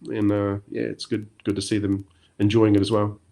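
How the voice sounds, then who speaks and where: A middle-aged man with a New Zealand accent, chatting as a podcast guest in a relaxed, rambling way with many fillers. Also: lowish voice, normal speed, gravelly. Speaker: podcast guest, former motocross champion. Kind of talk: casual interview chat.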